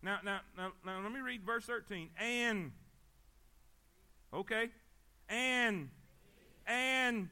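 High, bright preacher. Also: male voice, measured pace, long pauses, clean tone. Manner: emphatic, repetitive, calls for amens. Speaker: pastor. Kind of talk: sermon.

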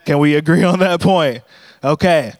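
Young male pastor, high voice, chatty and funny sermon delivery, dry close sound. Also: moderate pace, no room sound. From Texas. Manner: conversational, humorous storytelling preacher.

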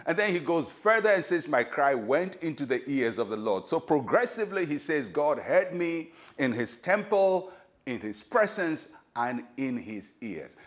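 A man with a Ghanaian English accent preaching a short devotional sermon as a pastor, earnest and measured, asking rhetorical questions. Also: medium pitch.

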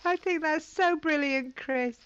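A woman's voice: high voice, a little slow, fairly bright tone, highs cut off. A woman hosting a podcast, chatting casually in a playful, teasing way and calling her guest "love". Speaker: podcast host.

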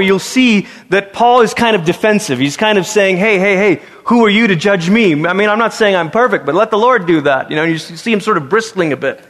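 A man preaching a sermon in a conversational, animated way, with casual asides to the congregation. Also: sits high. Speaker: pastor. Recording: long hall reverb.

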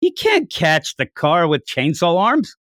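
Animated man recapping comics, dry sound. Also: a little high, no echo. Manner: animated, recapping with quick asides. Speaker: podcast host. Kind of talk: casual manga review chat.

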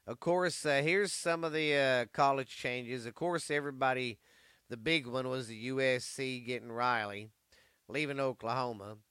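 Brief: rambling, swearing male sports host, bright crisp voice, dry sound. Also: medium pitch, moderate pace, no room sound. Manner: rambling, profane. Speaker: podcast host. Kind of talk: casual sports chat.

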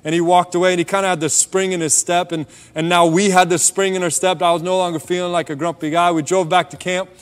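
A man telling a personal faith story in a relaxed, conversational sermon, dropping softer on key points. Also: high-pitched, fast, few pauses, clear, resonant tone. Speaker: preacher sharing a testimony. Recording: long hall reverb.

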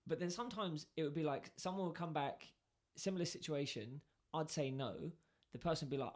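Speaking briskly with few pauses, a man with a fairly high voice shares a workplace story in casual talk. He's lively, acting out each side of the exchange.

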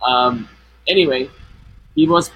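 Co-host, male, halting casual talk, flanger on the voice, faint hiss. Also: mid-range voice, highs cut off. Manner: hesitant, many restarts and fillers. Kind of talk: casual chat.

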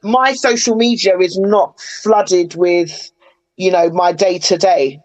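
A woman's voice: lowish voice, fairly even intonation, slow, highs cut off. A woman in casual podcast chat, chatty and opinionated, retelling moments with animation.

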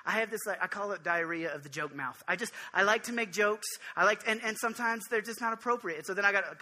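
A man giving an informal sermon on prayer, earnest and jokey, with quick restarts and direct questions to his listeners. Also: sits high, pushed and bright. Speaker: preacher.

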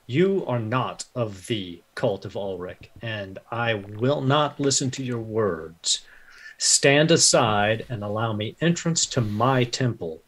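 A man's voice: on the low side, lively intonation, takes it slowly, fairly bright tone, exaggerated voice. A man voicing a stern male knight-priest who speaks formally and commandingly. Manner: formal, declamatory speech.

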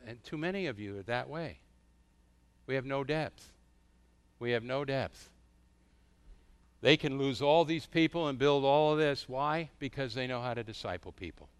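A middle-aged man preaching a sermon as a pastor. He tells stories with animated rhetorical questions. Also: on the low side, smooth.

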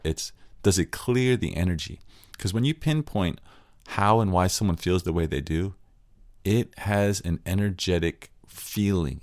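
A man's voice: sits low, no room sound, clean studio sound. A man hosting a podcast, talking through a couple's argument and acting out both sides. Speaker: podcast host. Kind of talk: explaining a relationship scenario.

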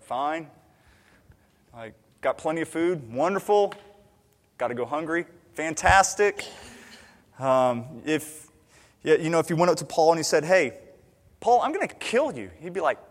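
A man preaching a sermon as a pastor, emphatic, swinging between loud urgency and quiet intimacy. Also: mid-range voice. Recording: long hall reverb.

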